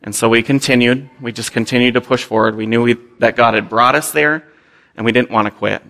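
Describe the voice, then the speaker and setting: A man's voice: medium pitch, steady tone, a little fast, pushed and bright. A young man, a missionary, giving a candid and earnest personal testimony to a church, with some self-deprecating humor.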